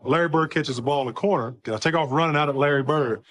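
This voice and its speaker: A man with a fairly high voice recalls, with amusement, being beaten on a play. His telling stays light. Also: fast, fairly bright tone, no echo. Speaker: former player recalling being faked.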